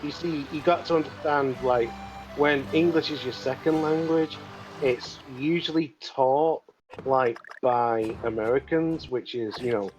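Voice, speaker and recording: Man teasing in dry quick asides. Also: medium pitch, darkish tone, highs cut off, soft background music. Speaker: stream guest. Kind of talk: casual gaming chat.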